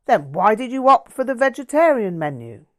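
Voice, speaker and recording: A woman reading as a petulant young man who accuses and sneers in a raised, higher voice. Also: very animated, normal speed. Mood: indignant. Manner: accusing, snappish.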